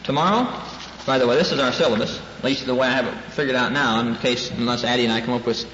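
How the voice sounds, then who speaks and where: Faint hiss and a dull echo from the hall surround a male minister as he preaches earnestly while teaching a class, repeating key lines to stress them. His medium-pitched voice is a bit bright and quick.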